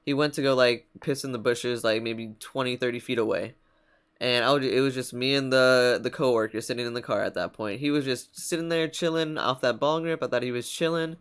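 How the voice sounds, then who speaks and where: A man's voice: medium pitch, fairly even intonation, brisk, a bit bright, clean tone. Laid-back young man telling a story. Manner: laid-back slangy storyteller who keeps laughing. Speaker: vlogger. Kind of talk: casual storytelling vlog.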